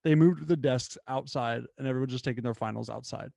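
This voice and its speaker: A young man hosting his own show, telling a story in an animated, casual way with lots of fillers. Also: mid-range voice, fairly quick, gravelly, no room sound, studio quality. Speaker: podcast host.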